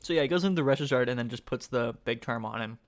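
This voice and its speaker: Excitable man commentating a card game. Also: mid-range voice, fast talker. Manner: excitable, thinks aloud, many fillers like "like"; asks the chat questions. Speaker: tournament commentator. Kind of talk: live-stream game commentary.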